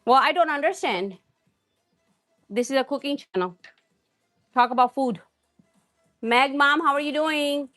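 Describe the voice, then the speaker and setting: A woman hosts a live cooking stream, rambling and chatting straight to her viewers. Her voice sits fairly high, with faint music playing behind it. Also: unhurried, long pauses, a bit bright. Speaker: cooking livestream host.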